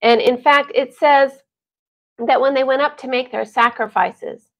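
A woman telling a Bible story to families, animated and chatty, with sighs and laughs. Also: sits high, measured pace. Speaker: Bible teacher. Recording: dull lo-fi recording.

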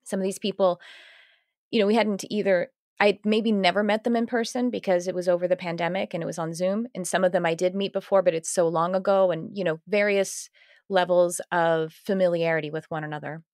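A woman hosting a podcast, telling stories in a lively, laughing way with lots of restarts. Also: lowish voice, fairly quick, no echo, studio quality. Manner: animated storytelling, laughing often, self-interrupting restarts. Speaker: podcast host. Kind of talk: casual conversational interview.

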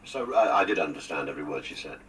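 A man's voice: a bass voice, expressive, quick pace, a bit bright, recorded from a distance, slight background noise, low-quality recording. An older man, a guest on a radio interview, reminiscing with jokes and theatrical asides. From England. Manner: jokey, theatrical storyteller with asides.

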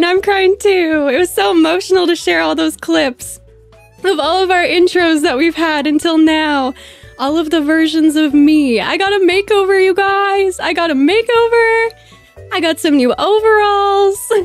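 Bubbly high-voiced woman streamer. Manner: gushing, bubbly thank-yous to chat. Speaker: live streamer. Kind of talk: live stream chat.

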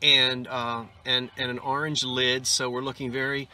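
A middle-aged man chats through a casual vlog, his voice bright and forceful at an average pitch. He gasps and exclaims over his finds, then settles into a chatty walk-through of each piece. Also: flat delivery, moderate pace, faint music behind. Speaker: antiques and vintage reseller. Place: in a car and a thrift store.

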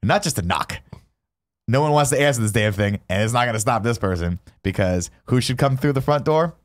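A man's voice: mid-range voice, fairly quick, dry recording, studio quality. A man co-hosting a podcast, recapping a film in a casual comedic rant with mock outrage and lots of swearing, acting out the characters' lines. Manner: animated, rants with mock outrage, acts out lines.

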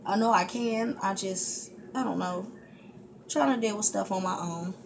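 A woman's voice: mid-range voice, measured pace, creaky. A woman vlogger venting candidly to her viewers, frustrated and heated, talking in fits and restarts at home. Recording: steady background hiss.

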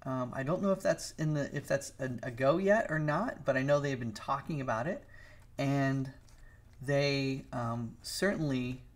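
A man's voice: mid-range voice, unhurried. A middle-aged man streaming live as an animator, chatting casually and rambling while he draws, greeting and teasing viewers by name. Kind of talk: casual livestream chat while drawing.

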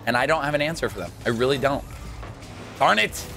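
Excitable young man shouting over gameplay. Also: medium pitch, a little fast, gravelly, faint music behind. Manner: excitable, jokey, bursts into shouts and laughs. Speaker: gaming YouTuber. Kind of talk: live gameplay commentary.

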